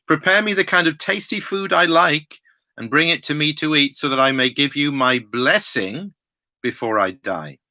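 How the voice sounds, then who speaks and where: A man's voice: fairly high pitch, normal speed, sharp tone. A man reading aloud the words of an aged, blind father near death in a Bible passage. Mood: solemn.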